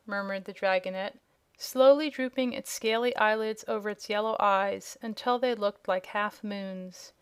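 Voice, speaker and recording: A woman narrating a children's fantasy audiobook in an even, unhurried storytelling manner. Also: mid-range voice, smooth.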